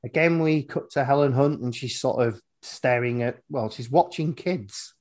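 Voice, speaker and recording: A man's voice: mid-range voice, moderate pace, darkish tone. A man hosting a podcast, recapping a horror film in rambling, wry casual chat and swearing freely. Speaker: podcast host.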